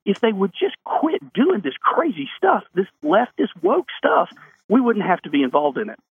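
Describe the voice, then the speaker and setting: A very animated state lawmaker calls a radio talk show by phone, his high voice creaky and husky at normal speed. In this call-in interview he speaks emphatically, asking rhetorical questions and supplying the answers himself.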